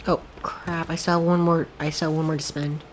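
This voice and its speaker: A man's voice: a little high, level tone, fairly quick. Young male game streamer, casual and loose, rambles candidly, faint noise behind. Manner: rambling and candid, heavy on filler "like". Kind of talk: casual chat while gaming.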